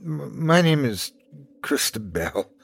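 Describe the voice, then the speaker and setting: A man's voice: on the high side, big pitch swings, unhurried, pitched above the performer's own voice. A man voicing a frightened, bloodied little girl who speaks sweetly and delicately, shivering from the cold. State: teeth chattering from cold.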